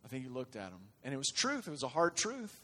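A man preaching a sermon, shifting from quiet, conversational talk to loud, impassioned urging. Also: medium pitch, huge pitch swings, fast talker. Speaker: pastor. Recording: long reverb of a large hall.

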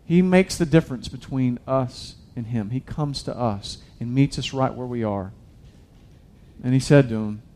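With a medium-pitched, slightly mellow voice, this pastor gives a relaxed sermon, addressing listeners as "guys" and frequently starting his sentences over.

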